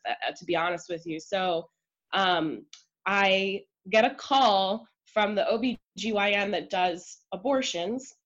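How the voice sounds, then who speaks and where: A woman guest on a podcast, telling a personal story in an emotional, chatty way full of "like" and quick asides. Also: medium pitch, fairly bright tone, lo-fi sound.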